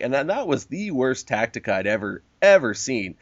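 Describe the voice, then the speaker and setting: Animated man, casual and swearing. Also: medium pitch, moderate pace, few pauses, no echo. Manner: animated and swearing, quotes people in mock voices. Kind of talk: casual chat. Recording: dull lo-fi recording.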